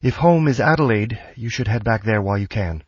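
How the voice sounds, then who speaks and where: A man voicing a brisk, practical young American woman in an audiobook. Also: on the low side, expressive, slightly rough, no echo, dull audio, voice pushed up. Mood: urgent.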